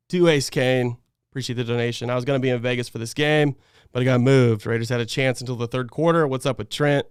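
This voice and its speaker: A frustrated man rants on a post-game fan stream, his raised voice smooth and clear. He veers from heated outbursts to low, weary muttering, recorded dry and close with no room behind him. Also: dry recording. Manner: frustrated, ranting, swings between loud outbursts and low muttering. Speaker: fan podcast host.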